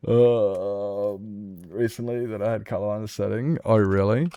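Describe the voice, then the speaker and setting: A man's voice: on the low side, gravelly, warm tone, no room sound. A man streaming a game, chatting loosely and laughing at himself. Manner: rambling, laughs often, self-mocking. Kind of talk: casual gaming stream chat.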